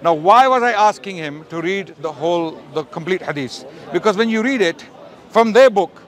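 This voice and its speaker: A man in a heated outdoor street debate, answering calmly and insistently, often laughing off jabs. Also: high-pitched, normal speed. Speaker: Muslim debater. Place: outdoor public park. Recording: outdoor crowd around the speakers.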